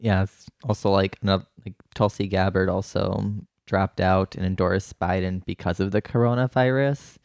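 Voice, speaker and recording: Male podcast host, chatty, filler-heavy, low voice, dry sound. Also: steady tone, normal speed, gravelly, few pauses, darkish tone, no echo. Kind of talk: casual comedic chat.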